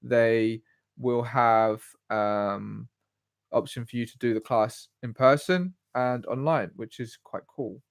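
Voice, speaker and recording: A man's voice: medium pitch, slow pace, creaky, no echo, studio quality. A man, chatting casually on a solo livestream and rambling off on tangents. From England. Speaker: live stream host.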